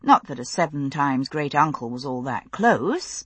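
Woman audiobook narrator, dry close sound, breathy low voice. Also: animated, unhurried, dry recording. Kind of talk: scripted narration.

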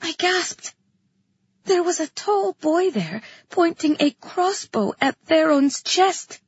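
A woman's voice: extremely high pitch, expressive, takes it slowly, no echo, lo-fi sound. A woman narrating a first-person fantasy story expressively, as in an audiobook.

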